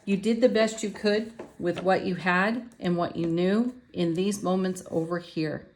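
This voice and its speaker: Gentle low-voiced woman reading cards. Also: steady tone, unhurried. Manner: gentle, affirming, with soft laughs. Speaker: tarot card reader. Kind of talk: spiritual card reading.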